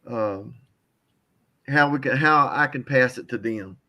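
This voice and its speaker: A man's voice: mid-range voice, sharp tone. Older guy choked up sharing his testimony, stumbles and repeats himself, heartfelt. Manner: heartfelt, repeats words, halting. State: tearful. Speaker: caller giving a testimony. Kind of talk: emotional testimony.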